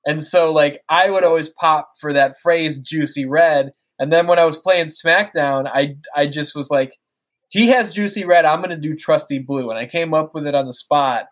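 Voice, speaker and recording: A man's voice: fairly high pitch, steady tone, normal speed, hardly any pauses, fairly bright tone. A man talking as a guest on a podcast, telling stories casually, swearing and laughing easily. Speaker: podcast guest and wrestling-game streamer.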